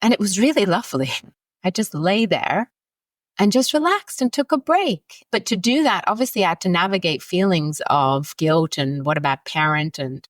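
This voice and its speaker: Podcast guest: a woman psychologist, lower pitch, candid storyteller, dry studio sound. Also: expressive, moderate pace, no echo. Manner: candid, anecdotal, laughs often. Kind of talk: conversational podcast interview.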